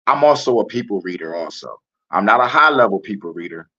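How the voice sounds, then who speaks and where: A man hosting a profane, animated reaction commentary, laughing and swearing as he talks, with loud high mocking repeats. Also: fairly quick, breathy edge. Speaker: reaction video host. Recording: muffled lo-fi audio.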